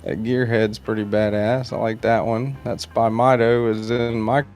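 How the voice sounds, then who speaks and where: A knife channel host runs a casual livestream, rambling in a laid-back way, reading viewer comments and greeting people by name. His medium-pitched, darkish voice is a little slow and fairly flat, with soft music in the background.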